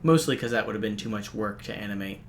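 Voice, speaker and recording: A man streaming a game, reading its visual novel text aloud in a steady, even narration broken by quick, dry asides. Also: fairly low pitch, a little hiss or hum. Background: faint game music.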